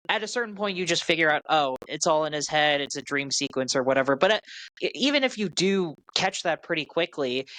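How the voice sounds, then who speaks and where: A man's voice: a little high, fairly bright tone, no room sound, poor audio. A man on a podcast talking through a film in a rambling way, with lots of restarts and fillers as he thinks aloud. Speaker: podcast co-host. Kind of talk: casual film discussion.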